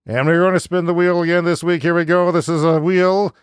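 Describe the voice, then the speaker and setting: A man hosting a comedy podcast, rambling in a self-mocking, excitable way and laughing often. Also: high voice, a little fast, smooth, dry recording.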